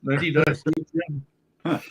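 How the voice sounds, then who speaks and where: A man's voice: on the high side, flat delivery, slow, a bit bright, husky. Joking man on a music panel. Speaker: panel member. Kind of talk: casual panel chat.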